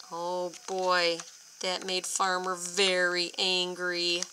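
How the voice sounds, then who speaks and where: A woman reading a picture book aloud to children, expressive and stopping to ask them questions. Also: fairly low pitch, takes it slowly, smooth, rough recording. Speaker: storyteller for children.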